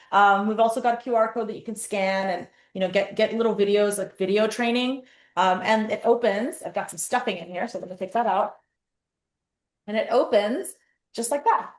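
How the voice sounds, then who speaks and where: Animated woman guest on a video call. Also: on the high side. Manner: animated storyteller, acts out her own quotes. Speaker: guest, company founder. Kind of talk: casual interview chat. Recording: roomy echoey sound.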